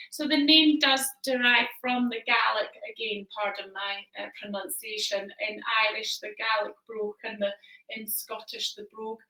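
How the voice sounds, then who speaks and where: A woman with a bright, fairly high voice walks viewers through a topic in a live shop chat from home, hesitating often with ums. She sits a little away from the mic, and the room gives her voice a noticeable echo. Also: distant mic. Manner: hesitant, many ums, explanatory. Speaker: shop presenter.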